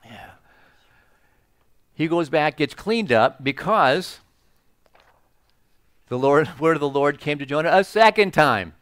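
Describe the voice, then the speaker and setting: Joking pastor, fairly high voice. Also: male voice, animated, slow, long pauses, a bit bright, clean tone, dry recording. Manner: joking, conversational, many "you know" asides. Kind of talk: casual storytelling sermon.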